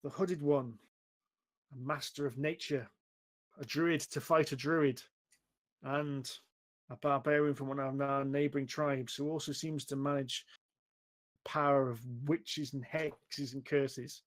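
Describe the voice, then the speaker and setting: A man's voice: medium pitch, fairly even intonation, measured pace, lightly acted. A man voicing a grateful tribesman who earnestly introduces his rescuers, over an online call. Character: grateful freed male tribesman.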